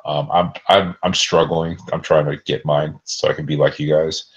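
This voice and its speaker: A young man co-hosts a podcast in a very deep, fairly monotone voice at normal speed. He rambles, jokes, and often restarts his sentences in a laid-back casual chat, and the recording has a dull lo-fi sound.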